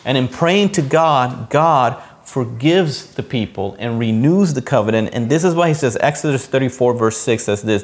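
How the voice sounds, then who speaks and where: A man's voice: mid-range voice, animated, normal speed, hardly any pauses. A man preaching a sermon in a conversational teaching manner, often checking in with "okay" and "you know".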